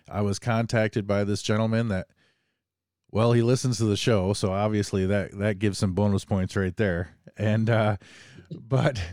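A man's voice: on the low side, darkish tone, clear, resonant tone, no echo, clean studio sound. A man hosting a casual podcast, joking and rambling as he talks, a bit under the weather. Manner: joking, rambling, self-deprecating. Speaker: podcast host.

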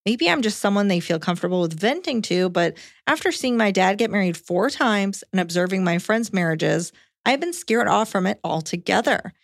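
A woman co-hosting a podcast, reading a listener's letter aloud in a calm, even way. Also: mid-range voice, normal speed, vocal fry, dry recording, studio quality. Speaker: podcast co-host.

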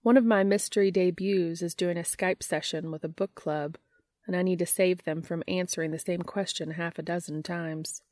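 A woman reading an audiobook, voicing a confident, wry woman friend in a bright voice. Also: fairly low pitch, fairly even intonation, moderate pace, dry recording, clean studio sound, natural voice. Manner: bright and self-assured.

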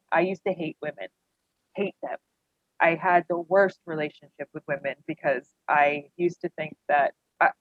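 A woman's voice: on the low side, no room sound. Candid woman guest, rambling storyteller, thin phone-line audio. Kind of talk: personal storytelling interview. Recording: dry tinny phone-like line.

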